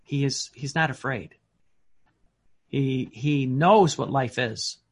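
A man preaching a sermon in an earnest, emphatic way, often pausing on fillers and restarting his words. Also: mid-range voice, husky.

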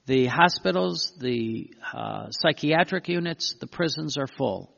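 Male preacher with a raised, gravelly voice, delivering an emphatic sermon in a long-echoing hall. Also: on the high side, animated, a bit bright. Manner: emphatic, with frequent pauses and self-corrections. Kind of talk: sermon reading and commenting on religious writings. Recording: dull lo-fi recording with long hall reverb.

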